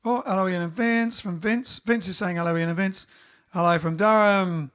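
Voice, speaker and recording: A man's voice: sits high, fairly even intonation, moderate pace, a bit bright, clear, resonant tone. A man hosting a casual livestream from home, reading out viewers' greetings one by one in a chatty way. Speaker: bandleader and livestream host. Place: home during lockdown.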